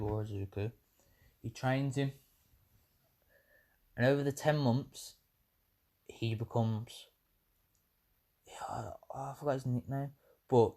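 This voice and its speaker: A man's voice: medium pitch, a little mellow. Rambling, swearing young man. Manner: rambling, self-correcting, swears freely. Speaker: vlogger. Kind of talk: casual rambling retelling of a fan story.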